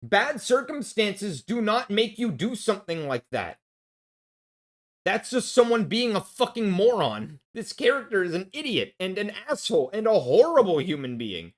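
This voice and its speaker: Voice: medium pitch, big pitch swings, normal speed. A vlogger ranting in a casual film review, angry and blunt, swearing heavily and restarting when worked up.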